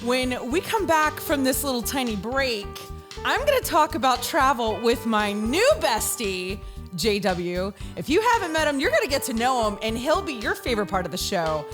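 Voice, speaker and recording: A woman, hosting a talk show and telling comedic stories in an animated way. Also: a little high, moderate pace, music in the background. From Southern United States. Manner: animated storyteller, bursts into shouts. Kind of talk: comedic monologue.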